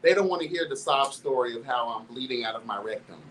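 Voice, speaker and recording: A show host tells a candid story in a sassy, flamboyant manner, constantly calling listeners "girl" and laughing all the way through with animated energy. His mid-range voice moves quickly and sits far from the mic, in a low-quality recording with a little hiss or hum.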